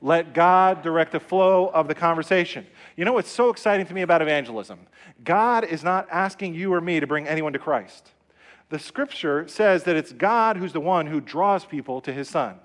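A man's voice: fairly high pitch, normal speed. A middle-aged man preaching a sermon as pastor, emphatic and repetitive, leading the congregation to say lines back. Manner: emphatic, repetitive, call-and-response. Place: church sanctuary.

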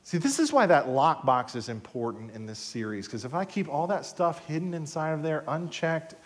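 A male pastor delivers a sermon in a slightly high, very lively voice. He swings between hushed, intimate asides and loud, emphatic rises. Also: normal speed. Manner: animated preaching with sudden soft drops and loud rises.

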